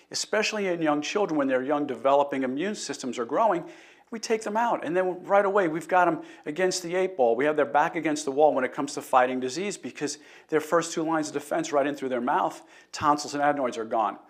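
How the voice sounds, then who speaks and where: A middle-aged man hosting a live health talk, telling a patient story in an earnest way and greeting viewers. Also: a little high. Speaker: chiropractor host.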